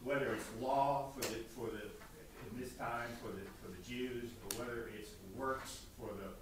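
Male co-host, halting speech; distant mic, heavy echo, noticeable background noise. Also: medium pitch, fairly even intonation. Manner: halting, repeats words as he starts. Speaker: co-host of a Christian talk show. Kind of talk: casual discussion. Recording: distant, very echoey, noisy.

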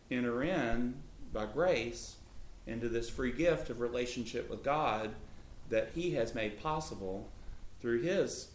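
A man teaching about the Bible in a relaxed way, with his voice leaping up when he acts out quotes. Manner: lively, pitch jumps up when voicing Jesus. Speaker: co-host of a Christian talk show. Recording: echoey room.

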